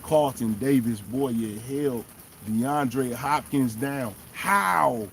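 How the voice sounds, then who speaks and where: A man hosting a fan show, giving animated, emphatic casual commentary and talking straight to the players. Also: mid-range voice, drawn-out words, creaky, slight background noise. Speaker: sports fan show host.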